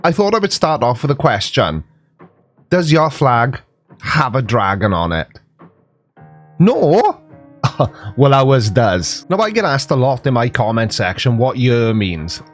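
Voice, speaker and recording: A man's voice: mid-range voice, very animated, unhurried, faint music behind. A Welsh man in his forties, a comedy host explaining local sayings in a dry, mock-serious, playful way. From Wales. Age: 40s. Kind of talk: scripted comic explainer to camera.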